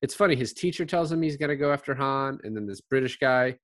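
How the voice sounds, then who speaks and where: A man's voice: mid-range voice, fast, dry recording, studio quality. A man in casual conversation, rambling through a film and acting out the characters' lines as he goes. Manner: rambling, animated retelling with quoted voices. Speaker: podcast co-host discussing a film. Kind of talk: casual chat.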